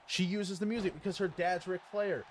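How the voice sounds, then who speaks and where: A man's voice: high voice, fairly even intonation, fairly quick, over a noisy crowd. A man doing casual video game commentary with a co-host, blunt and argumentative, cursing freely.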